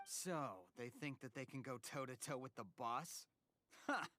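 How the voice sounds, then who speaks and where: A man's voice: medium pitch, a little slow, pushed and bright, a little hiss or hum. An actor playing a smug, scheming male cult member and info broker in a game, who talks in a sneering, mocking way.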